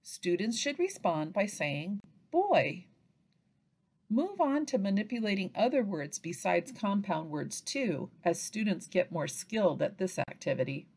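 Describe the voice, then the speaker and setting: A woman giving an instructional training narration for early reading teachers, pausing to chant example phrases. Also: medium pitch, breathy edge. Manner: slow, lively delivery with chanted example phrases.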